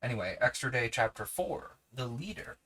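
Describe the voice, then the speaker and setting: A man reading a children's novel aloud, unhurried, with small self-corrections and casual asides. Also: medium pitch, expressive, bright, forceful tone, low-quality recording. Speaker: podcast host reading a book aloud.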